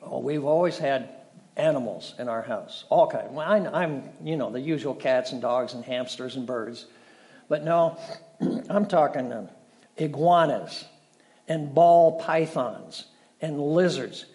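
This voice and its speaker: A middle-aged male pastor preaching a sermon, telling stories with dramatic shifts between loud and soft. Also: medium pitch, a little slow. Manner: storytelling, dramatic shifts in volume.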